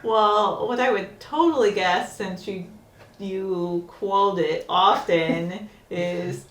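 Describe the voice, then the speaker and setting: A woman co-hosts a casual podcast episode review and laughs easily as she talks. Her voice is mid-pitched. She sits a little away from the mic in an echoey room. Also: takes it slowly, a bit bright, recorded from a distance. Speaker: podcast co-host.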